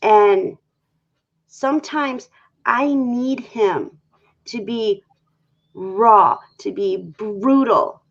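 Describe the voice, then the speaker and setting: A woman's voice: fairly high pitch, very slow, long pauses. A woman guest on a talk show, talking candidly about her relationship and acting out her own past conversations. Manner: candid, animated storytelling that acts out her own past quotes. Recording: dull lo-fi sound.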